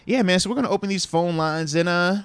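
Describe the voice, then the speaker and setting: Chill dude hosting a sports podcast, slangy, dry close lapel mic sound. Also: male voice, high voice, fairly even intonation, fast talker, fairly bright tone, clean tone, no echo. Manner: laid-back, slangy, says "bro" and "man". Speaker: podcast host. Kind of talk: casual sports talk.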